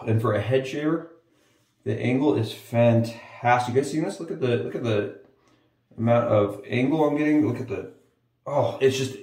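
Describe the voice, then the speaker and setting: With a mellow, mid-range voice, this man shaves his head on camera and chats casually and eagerly with his audience, addressing them often as "guys." He's a shaving vlogger recorded from a distance in an echoey space.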